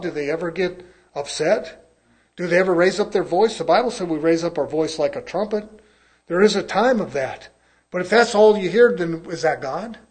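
A man preaching a sermon to his congregation, repeating phrases and swinging between soft asides and loud, pleading peaks. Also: sits high. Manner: rhythmic, call-and-response pleading.

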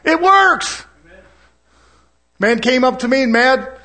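A man preaching a folksy sermon, mixing jokes and laughter with scripture and swinging from soft asides to loud, fervent preaching. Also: very high voice, animated, unhurried. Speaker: pastor.

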